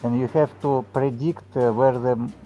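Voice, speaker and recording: A man's voice: mid-range voice, fairly even intonation, moderate pace, dark tone, faint music behind, rough recording. A man running a game as game master on a live stream, giving short, simple directions in slightly broken English. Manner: short, simple instructions with non-native grammar. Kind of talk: casual live-stream chat.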